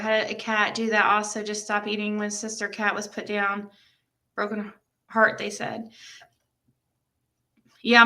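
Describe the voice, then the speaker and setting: A young woman with a fairly high voice hosts a livestream, telling a story in casual chat and reacting to comments with animated exclamations.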